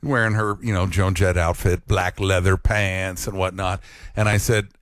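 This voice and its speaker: A man's voice: low voice, little pitch movement, normal speed, no echo, clean studio sound. A middle-aged man, a radio DJ, telling a self-deprecating story on air in a chatty way. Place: radio studio. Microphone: close studio mic.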